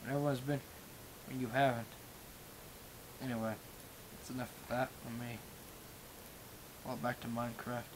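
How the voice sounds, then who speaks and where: Over a webcam mic with background noise, a man of medium, level pitch rants casually on a live stream at normal speed, pausing often. He's Minecraft server staff who swears a lot, rambles, runs himself down, and has a speech impediment affecting sh and ch sounds.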